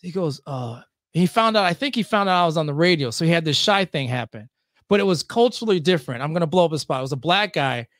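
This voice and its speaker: A middle-aged man from the Lansing area telling stories as a podcast guest. His voice sits high and swings widely, and he acts out other people's lines. The sound is close and dry. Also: fast, dry recording. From Lansing, Michigan area. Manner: lively, acts out quotes with big pitch jumps. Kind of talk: animated storytelling in casual conversation.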